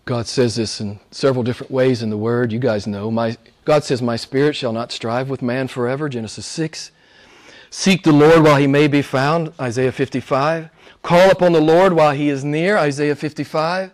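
A man preaching a sermon as pastor, moving between hushed, almost whispered lines and loud, emphatic passages. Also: mid-range voice, steady tone, normal speed.

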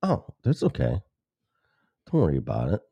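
A man from the Chicago suburbs, Illinois, hosts a talk show, rambling alone at the mic in a sarcastic, profane solo monologue and interrupting himself. His bass voice swoops wildly in pitch at a moderate pace, creaky, dark-toned and slightly rough. There's no echo.

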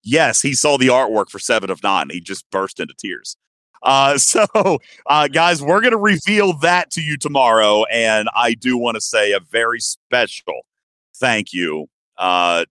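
A man in his thirties hosts a casual podcast with a bright, forceful voice recorded dry and close. He is playful and animated, and his pitch leaps high whenever he gets excited. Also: no room sound. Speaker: podcast host.

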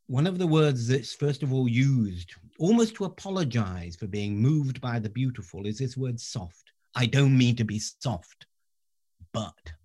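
A man, a professor, telling stories earnestly in an interview and dropping to a soft voice on key words. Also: medium pitch. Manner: earnest, varies loudness, drops to soft near-whisper on key words. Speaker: professor, guest. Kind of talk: reflective interview storytelling.

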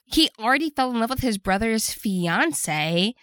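A woman's voice: a little high, lively intonation, unhurried, a bit bright, clear, resonant tone, no echo, studio quality. Playful woman joking through a recap. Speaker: podcast co-host. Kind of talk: casual chat recapping a movie.

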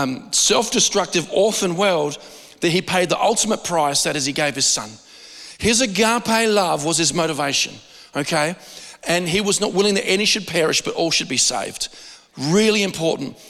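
A man's voice: high-pitched, a bit bright. A man preaching a sermon in a conversational way, often stumbling and repeating words, and drawing out the key phrases. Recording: long hall reverb.

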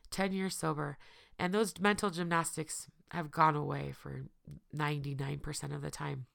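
A woman podcast host speaking earnestly and tearfully to her listeners, her voice hoarse, repeating phrases for emphasis. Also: sits low, steady tone, moderate pace, a bit bright. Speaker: podcast host and recovery coach. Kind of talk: heartfelt personal address to listeners.

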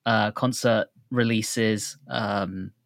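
A man co-hosting a music podcast, chatting in a relaxed way with dry humor. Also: lowish voice, extremely slow, gravelly, no echo. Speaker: podcast co-host. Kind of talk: casual chat.

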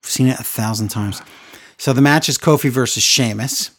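A man's voice: mid-range voice, moderate pace, breathy edge. A man co-hosting a casual podcast chat, ranting with sarcastic exasperation. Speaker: podcast co-host recapping wrestling.

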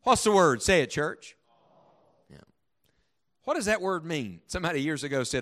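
Man, pastor, sermon, fairly high voice, dramatic hushed-to-loud delivery, slow emphatic scripture reading. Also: big pitch swings. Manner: dramatic storytelling with big swings from hushed to loud; reads scripture slowly with heavy emphasis. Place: church sanctuary before a congregation.

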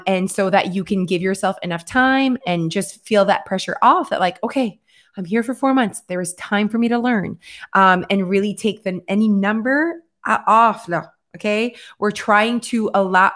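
Woman chatting on a livestream, lots of ums and restarts, middle pitch. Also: moderate pace, fairly bright tone. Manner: chatty, many fillers and restarts. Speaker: co-host of a livestream. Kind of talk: casual livestream chat.

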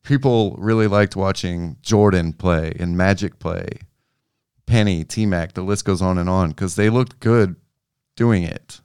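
Deep smooth dude talking hoops casually, dry close sound, kinda relaxed. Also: male voice, unhurried, no echo. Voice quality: relaxed, restarts and trailing phrases. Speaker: podcast co-host. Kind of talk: casual sports chat.

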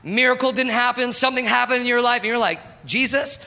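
A man preaching a sermon as pastor, animated and calling out to the congregation. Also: very high voice, quick pace, vocal fry. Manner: animated, talks to the congregation, calls out "come on". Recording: long hall reverb.

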